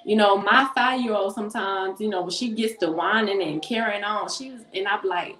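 A woman's voice: medium pitch, moderate pace, hardly any pauses, a bit bright, echoey room, rough recording. A woman, a mother on a panel giving earnest advice and repeating phrases for emphasis, speaking into a phone. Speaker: mother and book co-author on a panel. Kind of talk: encouraging panel talk.

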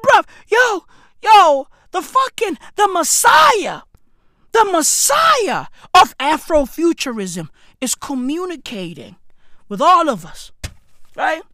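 A man ranting in a profane, rambling comedy monologue, swinging from mumbles to shouts. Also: very high voice, very animated, slow, dry recording, clean studio sound. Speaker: comedic vlogger.

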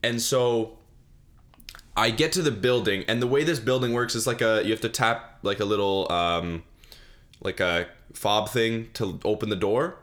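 Rambling low-voiced young man. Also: measured pace, fairly bright tone. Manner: rambling, self-mocking, full of fillers and restarts. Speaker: podcast host. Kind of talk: solo comedic storytelling.

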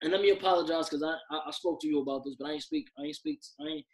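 A man's voice: a little high, big pitch swings, rapid-fire, gravelly, a crowd in the background, rough recording. A young man on a podcast, talking heatedly and emphatically, often repeating himself out of frustration. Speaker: podcast co-host.

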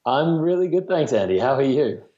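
A man's voice: medium pitch, very animated, moderate pace, dark tone, dull audio. A man around thirty with an Australian accent, chatting casually as an interview guest, self-deprecating and full of fillers. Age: late 20s to 30. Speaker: guest, marketing executive.

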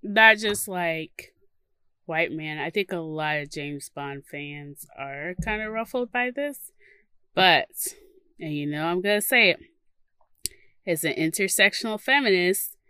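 A woman co-hosting a chatty podcast, candid and playful, laughing easily between points. Her voice sits on the lower side for a woman and sounds bright. The recording is dry and close. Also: expressive, a little slow, clean tone, no room sound. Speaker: podcast co-host. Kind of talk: casual chat about current events.

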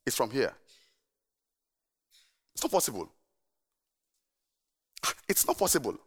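A middle-aged male pastor preaching a sermon, telling stories in an animated way and urging the congregation to answer back. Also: medium pitch, slow pace, breathy edge.

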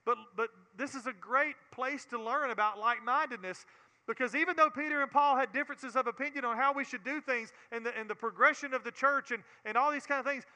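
A man's voice: extremely high pitch, a little fast, pushed and bright, long reverb tail. A man with a Southern US accent teaching a Bible sermon in an earnest way, often repeating words and building to emphatic preaching.

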